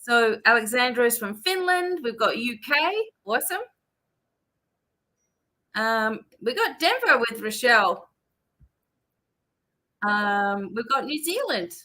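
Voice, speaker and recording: Australian woman, chatty stream host, bright and unhurried, reads out viewer shout-outs. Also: on the high side, rough recording. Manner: chatty, reads out viewer names and places, drawn-out fillers. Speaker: psychic reader hosting a live stream. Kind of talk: casual live-stream chat greeting viewers.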